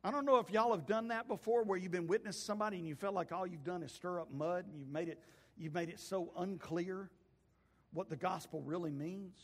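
A pastor preaching from the pulpit, his voice pitched high for a man. He tells stories in a folksy way, swinging from loud calls to hushed asides. A long reverb trails after him in the church. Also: brisk. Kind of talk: sermon. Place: church sanctuary.

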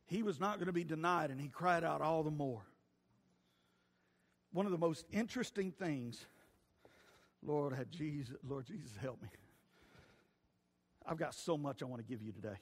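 A pastor preaching a sermon, swinging between loud shouting and hushed, quiet moments. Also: male voice, on the high side, expressive, brisk, in a large hall.

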